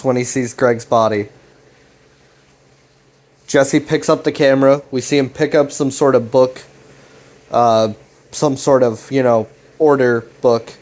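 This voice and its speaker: A man's voice: medium pitch, a little mellow. A young man casually recapping a web series, retelling the dialogue loosely with fillers and restarts.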